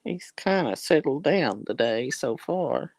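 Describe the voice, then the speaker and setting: Southern lady on a livestream, slow and drawly, gravelly voice, dry close sound, lots of honey and bless your heart. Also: rumbling low, big pitch swings, a little mellow, no room sound. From Southern United States. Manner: folksy, drawn-out, affectionate, says "bless your heart" and "honey". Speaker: livestream host. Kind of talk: casual livestream chat with viewers.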